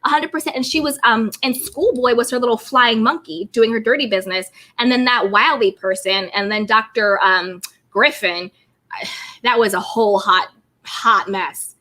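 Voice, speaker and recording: A woman's voice: fairly high pitch, bright, forceful tone. A young adult woman hosting a casual live-stream commentary, chatty and emphatic, greeting viewers by name and reading their comments.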